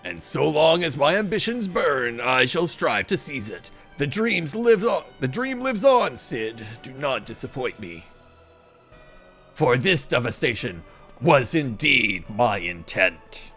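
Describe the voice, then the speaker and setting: Male reader as a grand scheming emperor villain; slow, declamatory, big pitch swings. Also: big pitch swings, fairly bright tone, breathy edge, faint music behind, exaggerated voice. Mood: grandiose.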